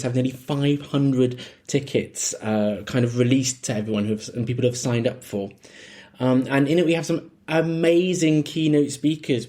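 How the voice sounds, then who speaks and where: A male podcast host delivers the episode intro in an easygoing, slightly apologetic way. He drops in ums as he goes, and his pitch sits in the middle range. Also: darkish tone. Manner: chatty, apologetic, with frequent ums.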